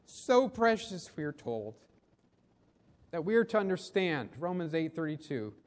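A man preaching a sermon, telling a story slowly and deliberately in a solemn manner. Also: fairly high pitch, sing-song. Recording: long reverb of a big hall.

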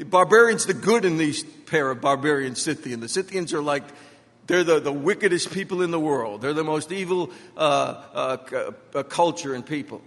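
A middle-aged pastor delivering a sermon, repeating key phrases and telling stories about his own life. His voice sits high and bright, with a forceful edge. The sound rings out with the long reverb of a church hall. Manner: preaching with emphatic repetition and storytelling.

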